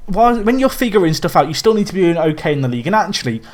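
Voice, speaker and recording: A man from England co-hosting a casual football podcast, talking in an animated, ranting, self-deprecating way. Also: high voice, racing. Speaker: podcast co-host.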